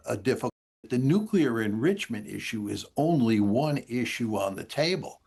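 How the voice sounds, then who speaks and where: A man giving analytical commentary in a measured way, listing issues one by one. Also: mid-range voice.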